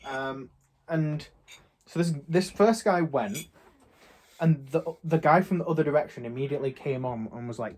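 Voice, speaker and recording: A man's voice: medium pitch, normal speed, darkish tone. A young man from England chatting casually, retelling a shop argument in a rambling way. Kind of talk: casual chat, storytelling.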